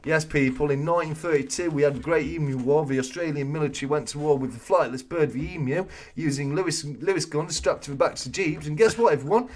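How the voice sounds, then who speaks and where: A man's voice: on the high side, fast, few pauses. A man hosting a casual live-stream chat, joking, laughing often and reading out viewers' answers. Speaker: host of a live coin-collecting chat stream.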